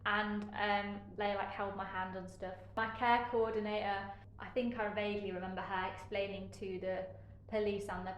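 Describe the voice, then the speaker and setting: A woman recounts her experiences candidly, pausing and hedging with fillers as she goes. A sarcastic edge creeps into her frankness. Her voice carries an echoey room sound with faint background noise. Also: mid-range voice, level tone. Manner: frank, halting, with many fillers. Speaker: interviewee sharing care experiences. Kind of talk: candid personal account.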